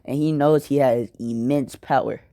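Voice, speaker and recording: A man's voice: medium pitch, steady tone, moderate pace, dark tone, dry recording, clean studio sound. A young man casually retelling a fan-made story, rambling with lots of fillers. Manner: rambling, filler-heavy, apologetic asides.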